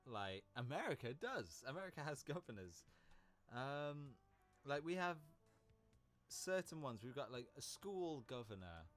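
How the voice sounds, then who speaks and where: A man's voice: medium pitch, big pitch swings, a little slow, a bit bright, faint music behind. A man chatting casually while live-streaming a game, rambling and laughing easily. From Britain.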